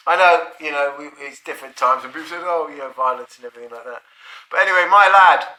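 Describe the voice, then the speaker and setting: Pitched on the high side, the man talks at a quick pace with a sharp tone. He's middle-aged and tells a casual personal anecdote, rambling, swearing, and chuckling. The sound has a roomy echo.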